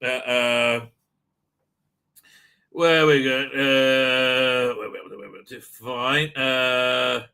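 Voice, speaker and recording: A man's voice: mid-range voice, steady tone, extremely slow, creaky, pushed and bright, smooth. A man from Britain hosting a casual live stream, rambling with frequent restarts and swearing. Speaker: livestream host.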